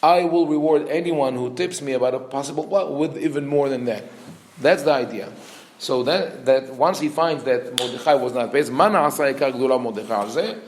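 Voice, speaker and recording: A rabbi with a medium-pitched voice teaches a Torah class, quickly reading Hebrew verses and then translating and explaining them. He voices the characters' lines with lively intonation. The room adds a noticeable echo, and there's a slight hiss or hum in the recording.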